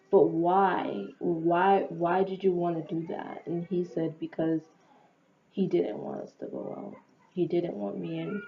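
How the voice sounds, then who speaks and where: A young woman casually retelling a personal story to her viewers, chatty and animated, with slang and quoted dialogue. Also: on the low side. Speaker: vlogger telling a story. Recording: echoey, dull lo-fi room with faint noise.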